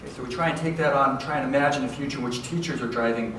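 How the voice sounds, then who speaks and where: Speaking in a mid-range voice at a racing clip, this man is an education professor lecturing teachers in a large hall full of listeners. He stays lively and chatty, repeatedly asking "okay?" and "right?" to keep the room with him. Audio is distant and reverberant, carrying a little background noise.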